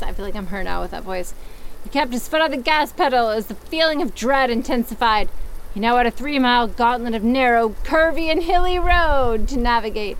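A woman's voice: fairly high pitch, expressive, fairly quick, a little hiss or hum. A young woman reading a story aloud and mocking it with sarcastic, swearing asides. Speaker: story reader.

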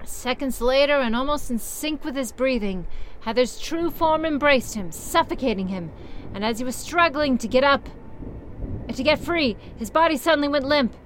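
A woman's voice: high-pitched, moderate pace, a bit bright, slight background noise. A young woman reading a story aloud and mocking it with sarcastic, swearing asides. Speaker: story reader.

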